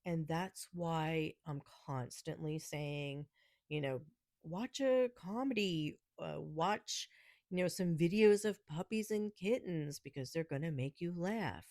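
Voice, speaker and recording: Low-pitched and a little mellow, this New York woman takes her time as she hosts a relaxed solo podcast. She's sarcastic and snarky, laughing often between what she says, in clean studio audio with no echo.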